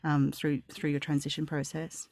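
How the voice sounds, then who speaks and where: A woman's voice: sits low, completely flat delivery, moderate pace, darkish tone, no echo, clean studio sound. A woman interviewing a guest in a casual conversation, effusive and rambling, with many fillers and restarts.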